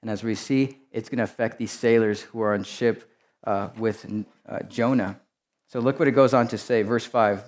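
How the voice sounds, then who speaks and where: A man's voice: medium pitch, moderate pace. A man preaching a sermon as a pastor, talking to the congregation in a conversational way with rhetorical asides.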